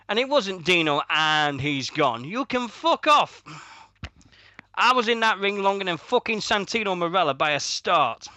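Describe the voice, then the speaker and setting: A man's voice: high voice, bright, forceful tone, no room sound. A British man co-hosting a wrestling radio show, rambling through stories with plenty of swearing and laughing at his own jokes. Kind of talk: casual podcast banter.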